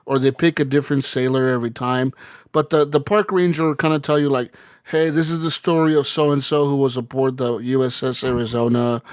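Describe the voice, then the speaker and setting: Guy on a gaming podcast rambling through a story, cusses a lot, medium pitch, dry close sound. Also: no room sound. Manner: swears often, rambling storyteller. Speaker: podcast co-host. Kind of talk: casual chat.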